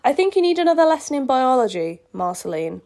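A woman's voice: high-pitched, very animated, fast talker, mellow, voice pushed up. Woman reading as a prim flustered princess. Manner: prim, scolding.

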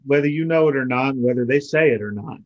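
A man co-hosting a podcast, speaking in a measured, halting way with many fillers. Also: mid-range voice. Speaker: podcast co-host. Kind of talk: casual chat. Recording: dull lo-fi audio.

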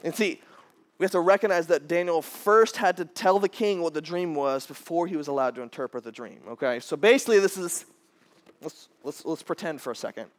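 A man in his thirties preaching a casual, animated sermon, jumping to loud high bursts when he acts out quotes. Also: brisk. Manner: casual, repeats words as he restarts. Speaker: pastor.

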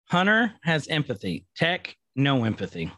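A man's voice: medium pitch, wildly swooping pitch, moderate pace, bright, forceful tone, dry recording, studio quality. Man co-hosting a playful chat podcast. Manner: playful, jokey, retells scenes. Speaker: podcast co-host recapping a TV episode. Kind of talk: casual chat.

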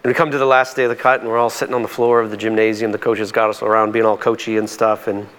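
A pastor preaching a sermon in a conversational, emphatic way, his voice climbing high on key points. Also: flat delivery, fast talker, fairly bright tone, clear, resonant tone.

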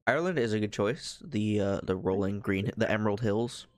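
A man's voice: fairly low pitch, normal speed, dry recording, clean studio sound. A man co-hosting a podcast in casual chat. He talks in a laid-back, musing way and often trails off. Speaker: podcast co-host.

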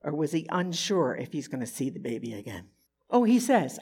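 Speaking at a normal speed with a medium pitch and a breathy edge, a woman leads a conversational Bible lesson. She's animated and expressive and often asks her listeners rhetorical questions.

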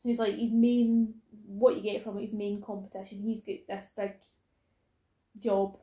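A woman's voice: mid-range voice, flat delivery, unhurried, reverberant, a crowd in the background, poor audio. A woman in casual podcast chat who laughs often and acts out quotes.

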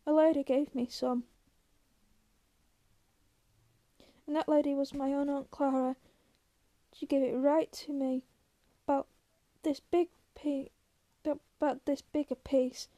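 A woman reading aloud, voicing a big, simple-minded, gentle man who talks in a plain folksy drawl and pleads like a child. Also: sits high, level tone, a little slow, dry recording. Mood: happy.

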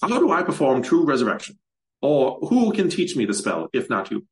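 A man's voice: mid-range voice, wildly swooping pitch, moderate pace, pitched above the performer's own voice. A man reading aloud and voicing a proud, defiant male archmage who speaks with curt, scornful defiance. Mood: insistent.

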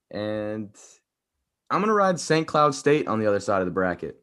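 A man's voice: fairly low pitch, sing-song, normal speed, fairly bright tone. A young man from co-hosting a casual sports podcast, upbeat and jokey as he gives his picks. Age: young adult.

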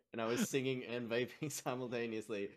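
A man's voice: medium pitch, fairly even intonation, normal speed. A man on a casual podcast, laughing a lot, swearing and joking sarcastically. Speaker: podcast co-host.

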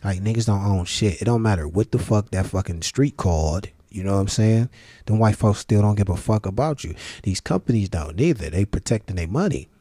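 A man giving a profane, sarcastic ranting commentary, often jumping into high-pitched outraged questions. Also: lively intonation, a little fast, mellow, dry recording. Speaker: vlogger.

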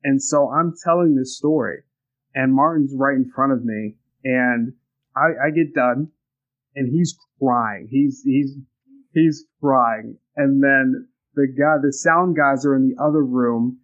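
A man's voice: medium pitch, steady tone, a little slow, a bit bright, dull audio. Earnest man telling a story. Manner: reflective, earnest, with many restarts. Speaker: guest. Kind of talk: casual conversation, storytelling.

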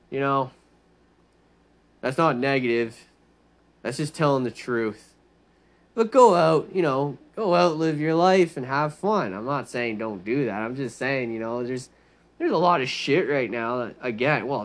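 A man's voice: medium pitch, a little slow. A man ranting in a rambling monologue, swearing constantly and mocking people with heavy sarcasm. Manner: rambling, animated storytelling. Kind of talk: profane monologue rant.

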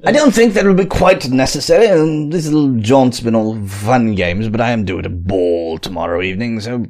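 A man's voice: mid-range voice, big pitch swings, quick pace, warm tone, pitched above the performer's own voice, lightly acted. A man voicing a posh, formal male noble in a tabletop game. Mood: genteel. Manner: genteel, formal.

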